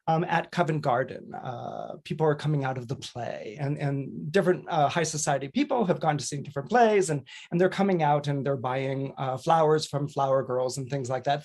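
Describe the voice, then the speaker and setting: A man hosting an astrology podcast tells a story in a loose, conversational way. He rambles and restarts his sentences, filling pauses with small hesitations, and now and then slips into quick character voices. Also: a little high, darkish tone. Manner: chatty, digressive, with frequent fillers and restarts; briefly mimics characters in exaggerated voices.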